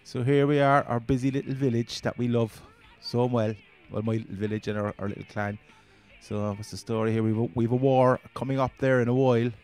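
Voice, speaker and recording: A man's voice: mid-range voice, steady tone, a little fast, hardly any pauses, darkish tone, faint music behind. A man with a Cork accent, chatting casually and rambling through his first gaming commentary as a channel host. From Ireland.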